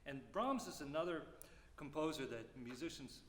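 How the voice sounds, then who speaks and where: A man teaching a music clinic, explaining phrasing and singing rhythms aloud with lively syllables. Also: fairly high pitch, normal speed. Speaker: percussion clinician. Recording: roomy hall reverb, faint noise.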